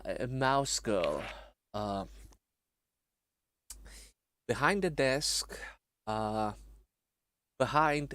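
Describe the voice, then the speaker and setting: A man narrating as game master, halting with many fillers. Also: medium pitch.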